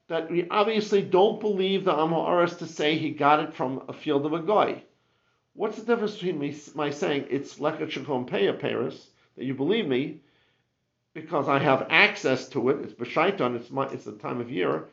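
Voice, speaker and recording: A man's voice: a little high, animated, moderate pace, vocal fry. A man teaching a Talmud class, explaining with rhetorical questions and frequent restarts. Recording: muffled lo-fi classroom recording.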